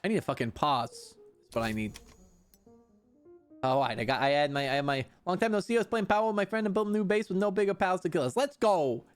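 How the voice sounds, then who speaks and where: Young man, streamer, high voice, excitable, swears a lot, faint music behind. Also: fast talker. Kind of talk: live gameplay commentary.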